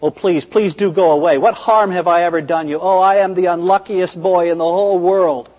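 A man's voice: high voice, fairly even intonation, fairly quick, a little mellow, close to an everyday voice. A man voicing a frightened, anxious young boy who pleads. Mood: pleading. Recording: reverberant church hall.

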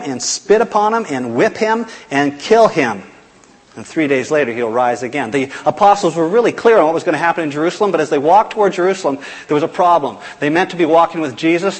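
A man preaching a sermon in a conversational way, with restarts and soft, quiet quotes. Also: a little high, slightly rough. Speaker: pastor. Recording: long hall reverb.

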